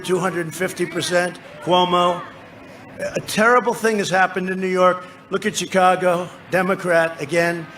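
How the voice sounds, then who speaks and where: A man in his seventies giving a rambling, repetitive, boastful campaign rally speech into a podium microphone, often shouting to the crowd. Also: sits high. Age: 70s. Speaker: politician addressing a rally. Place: large rally venue. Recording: noisy live rally sound.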